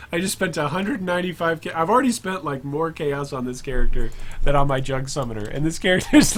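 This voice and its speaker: A man's voice: medium pitch, slight background noise. Rambling man streaming a game. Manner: thinks aloud, rambling self-talk with chat asides. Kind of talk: casual live game commentary.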